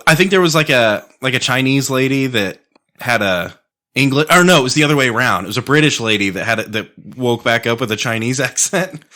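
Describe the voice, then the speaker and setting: A man's voice: medium pitch, lively intonation, brisk, pushed and bright. A man co-hosting a podcast, chatting casually over drinks, profane and laughing as he rambles. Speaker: podcast co-host.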